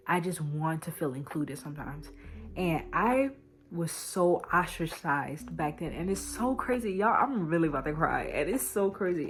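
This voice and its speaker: A young woman talking candidly and emotionally to her camera in a casual vlog. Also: fairly low pitch. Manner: candid, emotional, swings from quiet to loud. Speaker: vlogger.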